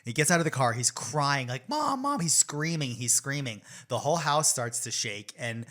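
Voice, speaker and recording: A man's voice: mid-range voice, normal speed, a bit bright. A man co-hosting a podcast, chatting casually and retelling scenes eagerly and in detail, acting out the characters' lines. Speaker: podcast co-host. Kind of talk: casual chat.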